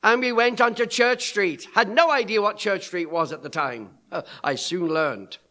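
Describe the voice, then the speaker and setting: A man's voice: sits high, moderate pace, pushed and bright. A middle-aged man preaching, telling stories and acting out the voices of people he quotes. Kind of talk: sermon storytelling.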